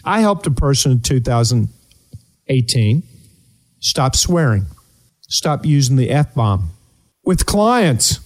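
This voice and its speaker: A man hosting a motivational talk show, coaching listeners earnestly with rhetorical questions and deliberate pauses. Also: medium pitch, lively intonation, a little mellow. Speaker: host and performance coach.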